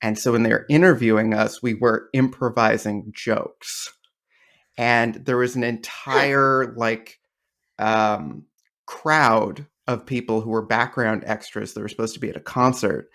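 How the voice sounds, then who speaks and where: A man chatting as a podcast guest, a comedian who tells long, rambling anecdotes with dry wit. His voice sits at an ordinary middle pitch for a man. The talk is loose and conversational, full of small restarts. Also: steady tone, unhurried, fairly bright tone. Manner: rambling storyteller, dry and joking. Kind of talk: casual interview chat.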